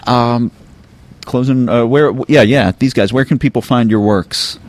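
A man hosting a casual podcast panel, talking at an everyday middle pitch. He rambles a little, filling pauses with ums and picking up his sentences again after false starts. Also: no room sound. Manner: rambling, many ums and restarts. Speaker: podcast host.

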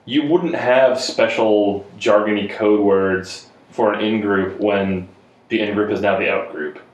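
Podcast co-host, man, low voice, chatty with quick asides, roomy echo. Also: steady tone. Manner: quick asides, laughs easily. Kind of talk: casual chat. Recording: echoey room.

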